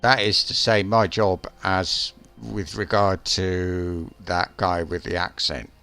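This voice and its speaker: A man's voice: deep voice, little pitch movement, slow, pushed and bright, smooth, soft background music. A man streaming a game live, chatting casually in a rambling, hesitant way with lots of restarts.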